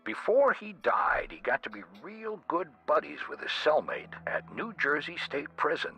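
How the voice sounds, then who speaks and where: A man's voice: on the high side, wildly swooping pitch, normal speed, sharp tone, husky, faint music behind, exaggerated voice, low-quality recording. An actor voicing a male police detective giving a casual briefing in a game. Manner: casual, informative. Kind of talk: game voice acting.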